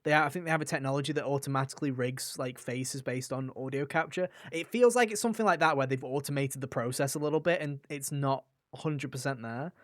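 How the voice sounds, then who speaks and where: Young male podcaster, mid-pitch, excitable, loose chatty delivery, dry close sound. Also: quick pace, hardly any pauses, no echo. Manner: enthusiastic, rambling with frequent fillers and restarts. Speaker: podcast co-host. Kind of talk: casual gaming podcast chat.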